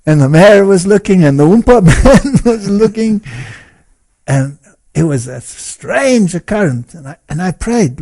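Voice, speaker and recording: Slow-talking male storyteller, chuckling. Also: on the high side. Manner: animated, chuckles often while telling. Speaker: guest speaker and lecturer. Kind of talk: storytelling in an interview.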